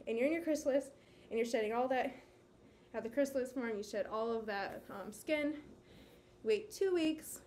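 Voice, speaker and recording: A woman teaching young children at home, walking them through a movement game and a science activity in a gentle, encouraging way that sometimes loses its place. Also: a little high, a little hiss or hum. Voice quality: gentle, encouraging, occasionally losing her place. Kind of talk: children's lesson, talking to camera. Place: home with a carpet.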